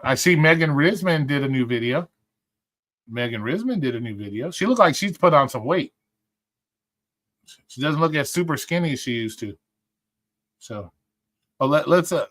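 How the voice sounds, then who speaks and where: Male streamer, mid-pitched, rambling and profane, casual rant energy. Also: a bit bright. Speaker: livestream host. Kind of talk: casual livestream commentary.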